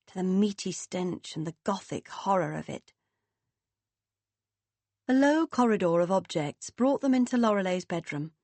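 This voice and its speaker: A woman narrating an audiobook, reading in an expressive way and lifting her voice for the characters. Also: mid-range voice, no room sound. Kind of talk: scripted narration.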